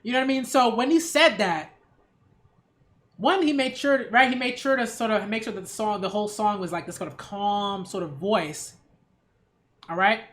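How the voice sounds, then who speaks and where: At medium pitch and normal speed, a woman who runs her own channel as a culture critic rants casually. She is sarcastic and emphatic, often checking in with a rhetorical "right?"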